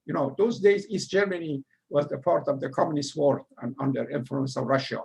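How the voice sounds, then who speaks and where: Older Iranian man with a raspy, gravelly voice. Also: fairly high pitch, moderate pace. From Iran. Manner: rambling, humorous, laughs at himself. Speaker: speaker telling his immigrant story. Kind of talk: casual storytelling talk.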